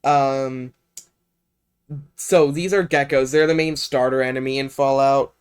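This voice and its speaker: Young male streamer, mid-pitched voice, casual unscripted game rundown, rambly with lots of filler. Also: fairly even intonation, measured pace, clear, resonant tone. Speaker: streamer presenting a video game. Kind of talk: casual livestream presentation.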